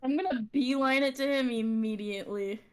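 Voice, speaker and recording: Woman player, slightly high voice, blunt and exasperated; faint music behind. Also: a little fast, clean tone. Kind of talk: tabletop role-play in character.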